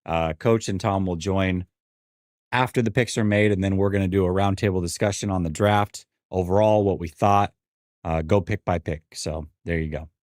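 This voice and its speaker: A man with a lowish voice hosts a casual sports stream and reacts as events unfold. He rambles, repeats himself and tosses in wry asides. The sound is dry and close, with no room echo. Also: normal speed, a little mellow. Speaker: sports show host.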